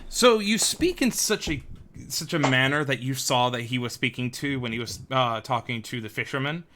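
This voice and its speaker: A man running a tabletop game as game master, narrating with many pauses and restarts. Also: medium pitch, animated, noisy background. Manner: hesitant, full of ums and restarts.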